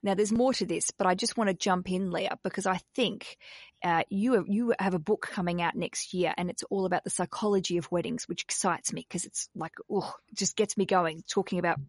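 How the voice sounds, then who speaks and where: A woman's voice: fairly low pitch, fairly even intonation, fairly quick, breathy edge, no room sound, clean studio sound. A woman hosting a podcast, chatting casually, laughing often and swearing freely. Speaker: podcast host.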